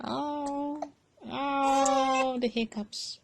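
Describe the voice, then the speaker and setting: A woman as a mother talking to her baby in gentle, sing-song baby talk at home. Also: on the high side, very slow, vocal fry, noisy background.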